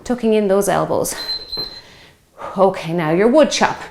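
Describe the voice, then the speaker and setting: Her voice is mid-range, gravelly and a little mellow, and she talks a little slowly, with a faint hiss or hum in the recording. She is a fitness instructor in her fifties giving guided workout instruction, chatty and encouraging, counting reps while out of breath from exercising alongside.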